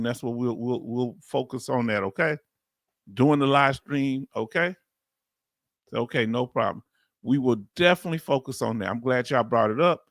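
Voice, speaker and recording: A man's voice: medium pitch, no room sound. Southern man in his fifties, chatty livestream host reading chat aloud, dry close sound. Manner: chatty, reads chat aloud, bursts of laughing excitement.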